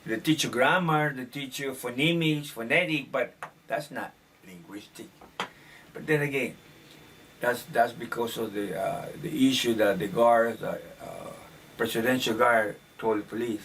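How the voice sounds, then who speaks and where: A man's voice: mid-range voice, measured pace, a bit bright, a little hiss or hum. Opinionated man rambling off-mic. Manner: opinionated, rambling, with filler restarts. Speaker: commentator. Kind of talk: casual monologue on current events. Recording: distant mic, faint room ambience.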